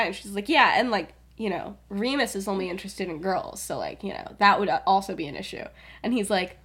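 A woman's voice: high voice, big pitch swings, measured pace, fairly bright tone. A young woman co-hosting a podcast, casually retelling a fan story and acting out the characters' lines, often laughing. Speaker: podcast co-host.

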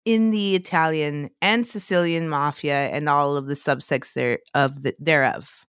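A woman's voice: low voice, measured pace, smooth, dry recording, clean studio sound. A woman hosting a podcast, telling a story in a loose, conversational way and laughing easily between points. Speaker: podcast host. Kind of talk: casual podcast chat and storytelling.

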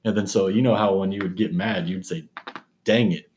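A young man with a low voice chats casually with an old friend. He jokes, swears freely and laughs often. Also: steady tone, quick pace, a little mellow. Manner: joking, profane, laughs often. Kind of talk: casual chat.

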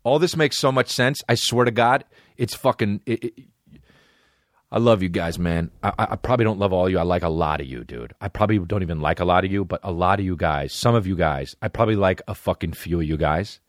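A man's voice: deep voice, expressive, brisk, no echo, clean studio sound. A man hosting a comedy podcast, riffing in a profane, rambling rant and restarting mid-thought. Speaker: podcast host.

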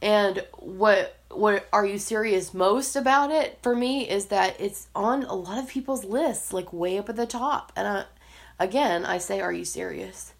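A woman co-hosting a podcast, chatting in a casual, animated way and laughing often between thoughts. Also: mid-range voice, a little slow. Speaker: podcast co-host.

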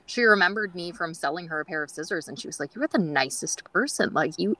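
Bright-voiced woman telling chatty stories. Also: fairly low pitch, animated, fast, no echo, low-quality recording. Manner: chatty, many "like" fillers, acts out quoted dialogue. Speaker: guest groomer. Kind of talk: casual storytelling interview.

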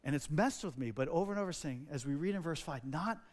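A man's voice: on the high side, expressive, fast talker, a little mellow. A male pastor from New Jersey preaching a sermon, telling a personal story earnestly with filler words.

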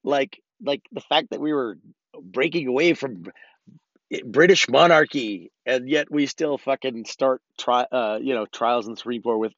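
On his solo podcast, a man talks at a moderate pace in a medium-pitched, slightly bright voice, rambling profanely with many false starts and occasional political rants. The sound is dry, dull, and lo-fi.

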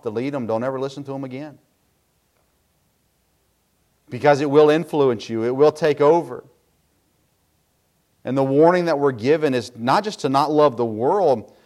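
A man's voice: mid-range voice, a little mellow. A middle-aged pastor preaching a sermon in a folksy, self-deprecating way, with asides to his congregation.

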